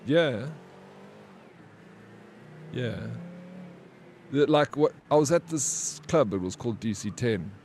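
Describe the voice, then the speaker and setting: A man's voice: medium pitch, slow, long pauses, slight background noise. Slangy man streaming. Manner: animated storyteller acting out quoted people; slangy, swears freely. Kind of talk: casual live-stream chat.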